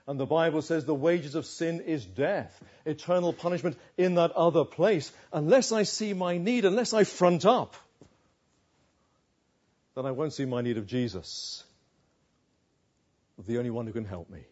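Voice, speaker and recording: Male preacher, emphatic sermon, husky tone, dull lo-fi recording. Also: fairly high pitch, animated, normal speed, pauses often, a little mellow. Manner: emphatic, asks rhetorical questions.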